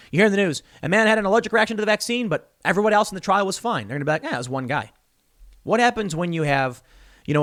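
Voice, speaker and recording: A man's voice: a little high, dry recording, clean studio sound. A man hosting a solo political commentary show, arguing his point with examples and often restarting his sentences. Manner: animated, repeats himself, argues by example.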